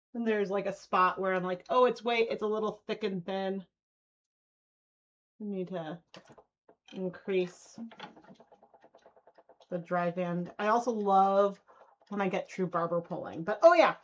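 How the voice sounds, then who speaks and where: A woman's voice: medium pitch, fairly even intonation, takes it slowly, long pauses, lo-fi sound. A woman, chatting casually on a live stream while she spins yarn, giggling now and then. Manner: chatty, giggly, cooing baby talk to her dog. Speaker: fiber arts channel host.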